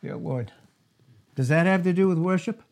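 A man's voice: sits high, moderate pace, creaky, a little mellow. A man preaching a verse-by-verse sermon, reading scripture aloud and breaking off into asides and rhetorical questions. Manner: reads scripture aloud in King James phrasing. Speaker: pastor. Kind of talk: expository sermon.

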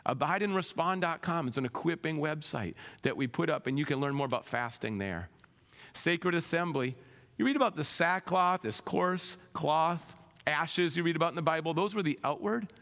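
A man pastor preaching an impassioned sermon, his voice swelling to loud peaks and dropping to soft, low lines. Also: long reverb tail.

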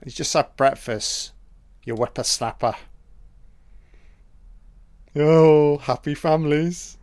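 A man giving a casual, profane running commentary on a film, reacting excitedly to each scene. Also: on the high side, slow, pauses often, clear, resonant tone.

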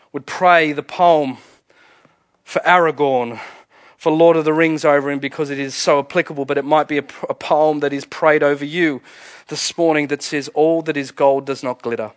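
A man preaching a sermon as pastor, earnest, often chuckling and sinking to a hushed, soft delivery. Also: fairly high pitch, no room sound.

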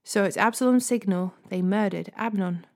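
A woman reading a Bible passage aloud as a steady storyteller, hosting a daily reading series. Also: mid-range voice, normal speed. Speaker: Bible reader.

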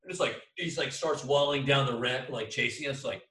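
A man's voice: mid-range voice, brisk. A young man hosting a podcast, telling a rambling, profane school story in casual chat. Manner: profane, rambling, acts out quotes loudly. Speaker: podcast host. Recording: echoey room.

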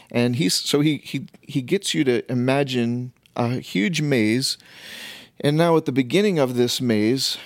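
A man's voice: mid-range voice, no room sound, clean studio sound. A man in casual conversation, explaining ideas through long illustrations with many fillers. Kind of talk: casual conversation about faith.

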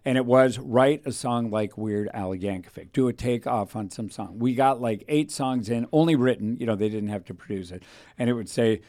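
Male radio host, mid-pitched, rambling anecdotal storyteller. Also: normal speed, a little mellow. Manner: rambling anecdotal, acts out quoted voices. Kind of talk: casual storytelling chat.

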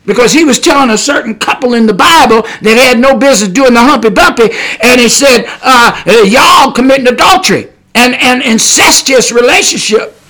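A male preacher with a very high voice and a bright, forceful edge delivers a podcast sermon. His wording is blunt and folksy, full of rhetorical questions. He punches key words with sudden shouts. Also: normal speed, few pauses.

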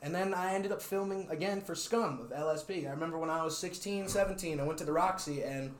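In an easygoing interview chat, a young rapper-videographer curses and laughs often, his slightly high voice moving at a quick pace. The recording is roomy and echoing, with a faint hiss or hum.

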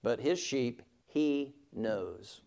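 A man's voice: mid-range voice, expressive, extremely slow, darkish tone. A middle-aged man teaching a Sunday school class, emphatic and often checking in with "all right?".

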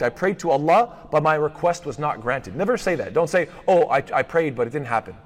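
A man teaching a lesson on hadith, rapidly reciting Arabic passages, then explaining them and posing rhetorical questions to his listeners. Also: on the high side. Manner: poses rhetorical questions to the class. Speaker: Islamic studies teacher. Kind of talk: lecture on hadith. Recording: long hall reverb.

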